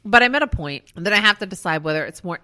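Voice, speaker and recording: Casting: drunk woman co-host with hiccups, lively swooping voice, bright, swears freely. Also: on the low side, quick pace. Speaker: podcast co-host. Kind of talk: casual chat.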